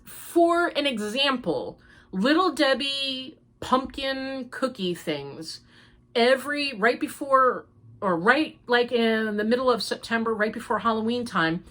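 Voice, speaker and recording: A woman's voice: on the high side, a bit bright. Chatty older woman hosting a podcast. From United States. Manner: chatty, rambling and upbeat. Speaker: podcast host. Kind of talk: casual chat.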